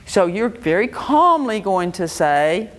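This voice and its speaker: Slow-talking woman quizzing a workshop audience. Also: medium pitch, big pitch swings, a little hiss or hum. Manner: quizzes the audience with rapid questions. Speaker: Montessori educator giving a workshop talk. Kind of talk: interactive workshop lecture. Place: lecture room before an audience.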